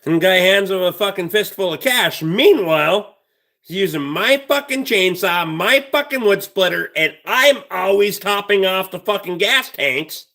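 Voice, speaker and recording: Man, livestream host, bright edgy tone, slightly high voice, blunt and profane, casual rambling storytelling. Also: animated, measured pace.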